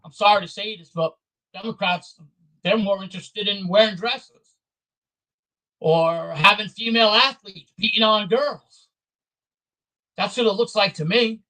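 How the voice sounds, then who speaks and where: A man speaks in a high register, rattling off repeated complaints in a blunt, heated way. His tone is bright and a little sharp, as in a solo rant recorded for his own channel. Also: unhurried, pauses often, rough recording. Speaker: vlogger. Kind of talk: angry political rant to camera.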